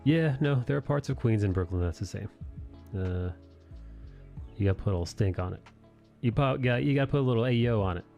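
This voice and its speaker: A man hosting a relaxed live chat while he draws, reading viewer messages aloud and swearing casually. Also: fairly low pitch, a little fast, creaky, pauses often, muffled recording, soft background music.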